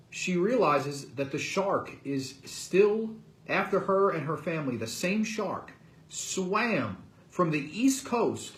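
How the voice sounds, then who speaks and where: A man hosting a casual movie review, ranting in an animated, incredulous way and leaning on "like" and "man". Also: fairly high pitch, reverberant. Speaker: host.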